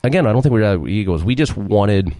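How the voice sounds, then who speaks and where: In a casual interview, the guest, a middle-aged restaurant owner, tells a lengthy, wandering tale, performing quoted lines and laughing a lot. His voice is lowish, dark, animated, and a little quick, captured dry.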